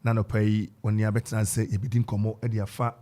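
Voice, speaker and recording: A man's voice: lowish voice, level tone, fast, dark tone. A man with a Ghanaian accent hosting a live radio talk show in a studio, running through a long list of guests with many fillers and restarts. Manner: rambling, filler-heavy roll call of guests. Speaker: radio host.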